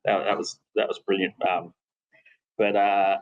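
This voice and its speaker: Guest spot: middle-aged Aussie man, deepish voice, rambling anecdote, laughs at himself. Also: flat delivery, measured pace, phone-quality sound. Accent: Australian. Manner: rambling with restarts, laughing at his own story. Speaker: podcast guest, former cricketer. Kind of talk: casual storytelling.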